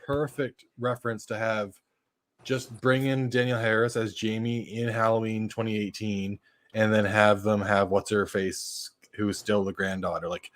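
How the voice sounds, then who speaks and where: A man hosting a casual watch party chat, talking loosely and swearing freely. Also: on the low side. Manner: casual, swears, talks fast when excited. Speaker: host.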